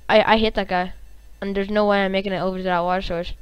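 A woman hosting a gaming channel, giving live gameplay commentary in an excitable, reactive way, cursing and humming little tunes. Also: mid-range voice, fast, hardly any pauses, clear, resonant tone, dry recording, poor audio.

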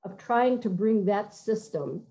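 A middle-aged woman composer giving a conversational talk, halting and searching for words, sometimes singing short phrases to demonstrate. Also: medium pitch, expressive, warm tone, poor audio. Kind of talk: conversational talk with many fillers and restarts.

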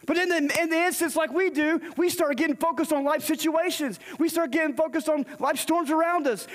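Man, very high voice, sermon, storytelling preacher, long church reverb. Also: brisk. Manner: storytelling, acts out the dialogue in scripture. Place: church sanctuary.

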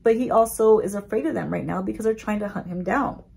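A woman beauty vlogger recapping a story in a chatty, animated way, with casual swearing. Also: medium pitch, fast talker, vocal fry, husky.

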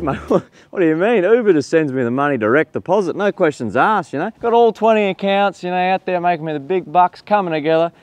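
Guy doing a cocky aussie delivery driver, swears heaps, voice a bit high and jumping all over. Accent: Australian. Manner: boastful, swearing, slangy. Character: brash cocky male food delivery driver. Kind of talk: comedy sketch.

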